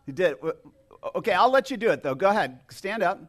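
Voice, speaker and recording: A man's voice: high-pitched, big pitch swings, brisk, a bit bright. A man preaching as pastor to his congregation, chatty and joking, with frequent restarts. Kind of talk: casual sermon with congregation. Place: church sanctuary.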